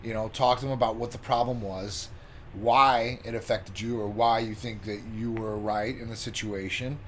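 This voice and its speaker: A man's voice: lowish voice, moderate pace, a little hiss or hum. A man co-hosting a health and lifestyle show, giving advice in a loose, casual way, full of "you know" and "like". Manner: relaxed, loose, many fillers like "you know" and "like". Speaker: co-host. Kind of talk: casual chat.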